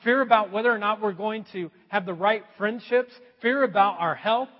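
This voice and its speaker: A middle-aged male pastor preaching a sermon, swinging between loud emphasis and quiet asides. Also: high voice, moderate pace. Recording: dull, echoey hall sound.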